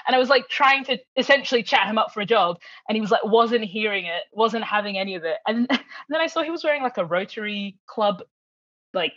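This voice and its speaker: A woman guest telling a long story in casual chat, animated, laughing often and acting out the people she quotes. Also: fairly high pitch, a little fast, dry recording, highs cut off.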